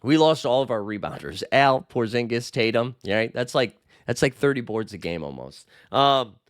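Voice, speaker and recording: A man hosting a casual sports show, reading viewer comments and answering them bluntly and animatedly, a little hoarse. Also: medium pitch, very animated, moderate pace, no room sound, clean studio sound. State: slightly hoarse. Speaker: host.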